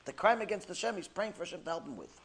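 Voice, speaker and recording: High-voiced animated preaching man. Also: racing, gravelly. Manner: animated storyteller, acting out characters, swings from loud to hushed. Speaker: rabbi teaching a class. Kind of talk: sermon.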